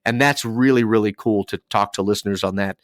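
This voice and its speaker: A man, a radio DJ, chatting as a podcast guest and telling lively stories with acted-out dialogue. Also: on the low side, a little fast, no echo, studio quality. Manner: animated storyteller acting out dialogue. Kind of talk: casual podcast interview.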